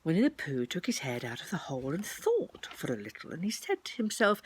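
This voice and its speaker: A woman reading a children's story aloud in a slow, expressive storybook manner. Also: fairly low pitch, slightly rough, no echo.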